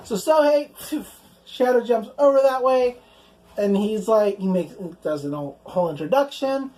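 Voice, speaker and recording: A young woman recaps anime episodes in a loose, conversational way. Her voice sits a little higher than most, and she keeps things casual with plenty of "like" and easy profanity. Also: lively intonation, moderate pace, dark tone, rough recording. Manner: chatty, fills speech with "like", swears casually, acts out quoted lines in passing. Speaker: anime reviewer.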